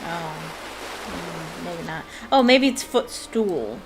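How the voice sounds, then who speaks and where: A woman's voice: mid-range voice, sing-song, extremely slow, gravelly, long pauses, music in the background. A young woman casually commenting on a puzzle game, musing aloud and hesitant, with many fillers. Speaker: let's play gamer.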